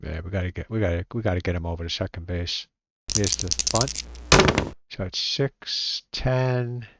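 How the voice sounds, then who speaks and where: A man playing a solo tabletop baseball game, reading out dice rolls and calling the plays in a relaxed, halting way, muttering to himself as he looks things up. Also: low-pitched, very noisy. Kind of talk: casual play-by-play while rolling dice.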